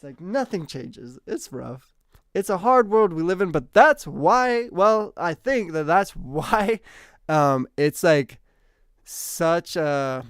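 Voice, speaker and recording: A man hosting a casual livestream chat, lively and talkative, reading and answering viewers' comments. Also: fairly high pitch, dry recording, studio quality. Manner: chatty, animated, reads out and answers comments. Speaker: streamer host.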